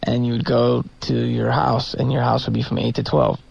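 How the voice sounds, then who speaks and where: A man, a comedian guest on a radio show, telling stories casually with a sore throat and quick character voices. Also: mid-range voice, flat delivery, gravelly, darkish tone, breathy edge, highs cut off.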